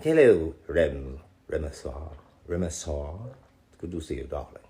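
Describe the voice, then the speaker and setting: A man with a deep, low-set voice chats through a live fan Q&A, reading messages aloud and answering them with easy, teasing humor. He drops in fond asides to the audience as he goes. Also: big pitch swings, a little slow, warm tone. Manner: playful, jokey, calls fans darling. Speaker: voice actor answering fan questions.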